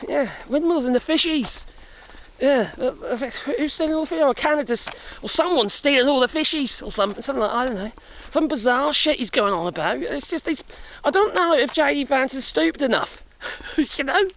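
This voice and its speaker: Middle-aged vlogger man, high and lively voice, breathless on a woodland walk, rambles and swears with chuckles. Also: brisk. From Europe. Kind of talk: casual rambling chat. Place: outdoors walking in woods.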